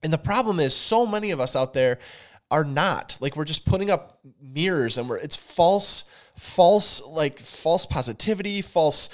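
A man's voice: fairly high pitch, lively intonation, a little slow. A man, co-hosting a podcast in casual talk, earnest and emphatic, repeating words to drive a point home. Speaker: podcast co-host.

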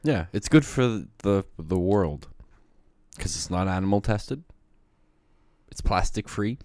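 A man's voice: deep voice, animated, slow pace, a little mellow, no room sound. A man co-hosting a casual podcast chat, trading wry, offhand jokes.

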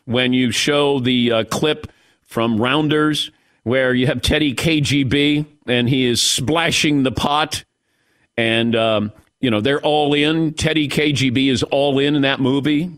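A man's voice: medium pitch, steady tone, unhurried, fairly bright tone. A man hosting a sports talk radio show, firing off opinionated takes and rhetorical questions.

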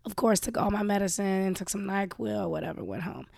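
A woman's voice: medium pitch, fairly quick, vocal fry, a little mellow, no echo, clean studio sound. A young woman host with a cough, venting candidly and profanely to her listeners in a casual monologue. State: sick with a cough. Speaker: show host.

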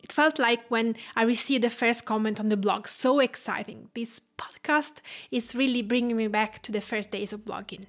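A woman's voice: a little high, fairly even intonation, moderate pace. A woman from Tuscany with an Italian accent, hosting a cooking podcast in careful, explanatory narration. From Tuscany, Italy. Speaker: podcast host, cook and food writer.

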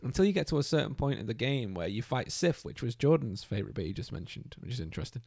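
A man's voice: mid-range voice, big pitch swings, quick pace, vocal fry, a little mellow, dry recording, studio quality. A man chatting casually about a video game, enthusiastic and swearing freely.

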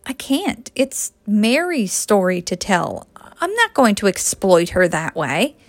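A woman's voice: fairly high pitch, expressive, normal speed, sharp tone, no echo. A woman reading the lines of a flustered, defensive young man in a storybook. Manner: sputtering, defensive.

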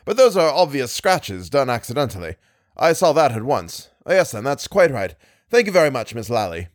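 A man voicing a secretive older professor who speaks in a brisk, airy and offhand way. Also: medium pitch, sing-song, no echo, studio quality, close to an everyday voice. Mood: dismissive.

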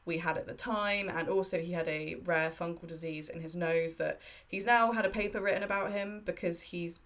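A woman's voice: lowish voice, steady tone, moderate pace, a bit bright. A woman in her thirties telling personal stories in a candid, heartfelt way during a casual chat. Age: 30s.

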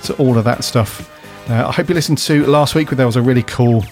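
A man's voice: mid-range voice, a little fast, a little mellow. Man, podcast host, easygoing jokey chat, light music faint behind.

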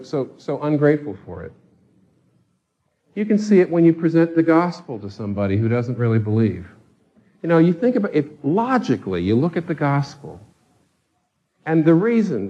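A man's voice: on the high side, mellow, slightly rough, dull audio. A man preaching a sermon with passion, pressing his listeners with pointed rhetorical questions. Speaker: pastor.

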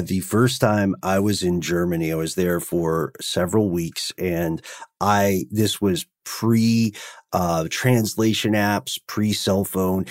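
Low-voiced man telling wry stories. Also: dry recording, studio quality. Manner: wry anecdotal storytelling. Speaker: podcast co-host. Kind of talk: casual podcast chat.

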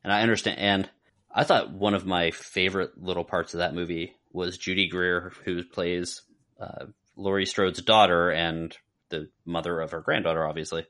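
A man with a very low, deep voice talks through a film in relaxed podcast chat. He rambles, circles back and restarts his sentences, with plenty of filler words. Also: moderate pace. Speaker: podcast co-host. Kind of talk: casual movie review chat.

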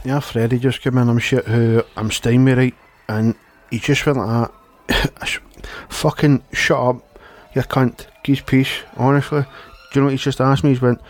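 A man's voice: medium pitch, flat delivery, moderate pace, few pauses. A young Glaswegian man playing a pirate radio DJ, ranting in a sweary, exasperated way. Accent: Glasgow Scottish. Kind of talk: scripted comedy radio show.

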